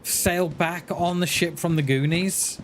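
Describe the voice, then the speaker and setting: A man's voice: a little high, steady tone, slow pace, slight background noise. A man chatting playfully with viewers while livestreaming a game. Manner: playful, jokey banter with chat. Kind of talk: casual chat while gaming.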